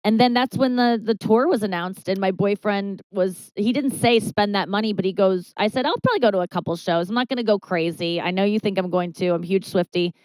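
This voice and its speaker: A woman's voice: a little fast, few pauses, smooth, no echo, poor audio. A woman comedian, a talk-show guest, telling a candid story with swearing and stammered restarts, her voice leaping up when she quotes people. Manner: animated, jumps high when quoting herself and others, swears, stammers.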